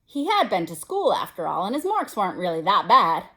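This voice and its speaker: A woman teacher reading a novel aloud to students, expressive and stopping now and then to explain. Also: mid-range voice. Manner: expressive, pauses to explain to listeners.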